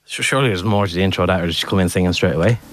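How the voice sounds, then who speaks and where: A man hosting a casual radio song quiz, animated and self-mocking. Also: sits low, racing, loud music behind the voice. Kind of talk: casual chat.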